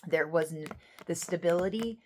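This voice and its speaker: Woman w a lowish voice doing a tarot reading for viewers, gets all worked up, keeps restarting her sentences. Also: a little slow, slight background noise. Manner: emotional and excitable, rambling with many restarts. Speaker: tarot reader.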